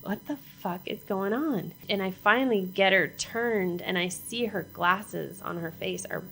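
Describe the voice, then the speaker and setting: A middle-aged woman telling a personal story in a halting way, repeating herself and acting out what people said. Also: medium pitch, gravelly, pushed and bright, rough recording. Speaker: mother sharing her story.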